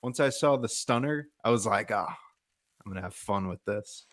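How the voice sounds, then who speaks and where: A young man chatting as a podcast guest, modest and animated as he tells stories, with fillers along the way. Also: on the low side, moderate pace. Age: young adult. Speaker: guest, amateur wrestling commentator. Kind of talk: casual chat.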